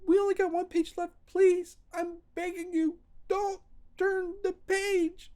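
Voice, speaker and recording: A panicky little blue monster from a children's storybook, squeaking far above his own register. He begs and pleads in a high, frantic voice. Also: little pitch movement, takes it slowly, darkish tone. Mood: pleading panic.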